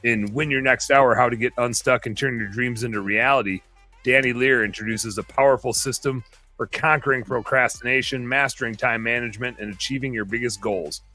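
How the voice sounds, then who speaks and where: A man's voice: medium pitch, steady tone, fairly quick, sharp tone, faint music behind. A man in his thirties hosting a podcast, rambling and self-mocking in casual banter. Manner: rambling, self-mocking, reads aloud in a jokey tone. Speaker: podcast host.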